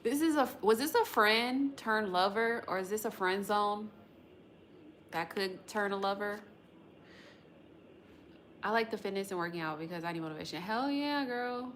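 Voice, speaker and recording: A tarot livestream host from the American West Coast speaks in a mid-range, fairly bright voice at a moderate pace, pausing often. She's a woman who rambles with viewers in loose, slangy chat and swears casually, with slight noise in the background.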